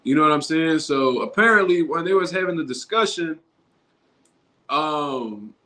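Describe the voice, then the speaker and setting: A man's voice: on the high side, expressive, a little slow, pushed and bright. Casual slangy man streaming live. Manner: loose, street slang, conversational, restarts often. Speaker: boxing commentary YouTuber. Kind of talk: casual livestream talk.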